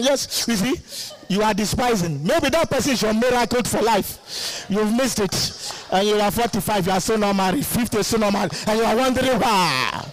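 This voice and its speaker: A male guest preacher giving a lively sermon, laughing often and calling out to the congregation for responses. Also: sits high, normal speed, hardly any pauses.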